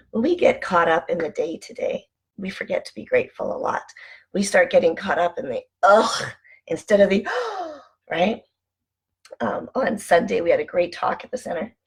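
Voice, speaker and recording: A woman hosting a casual motivational vlog from home, chatty and animated as she tells anecdotes. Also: mid-range voice, moderate pace, gravelly, breathy edge. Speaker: online show host.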